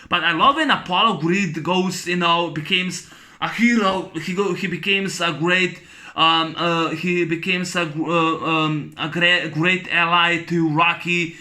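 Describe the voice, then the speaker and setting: A man with a high, bright, forceful voice gives a casual spoken film review. He rambles enthusiastically as a movie reviewer, full of fillers and restarts.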